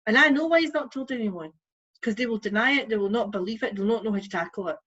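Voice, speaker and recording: Earnest mum on lo-fi audio. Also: female voice, a little high, fast, a bit bright, husky. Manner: earnest, tells stories quoting her son. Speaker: podcast guest, parent. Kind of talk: passionate casual debate.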